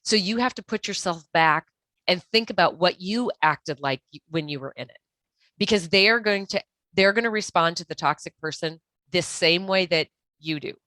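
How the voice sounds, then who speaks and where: A woman's voice: lowish voice, normal speed, a bit bright, no echo. A woman speaking as a guest expert in a podcast interview, giving earnest, direct advice with frequent restarts. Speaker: guest expert on toxic relationships.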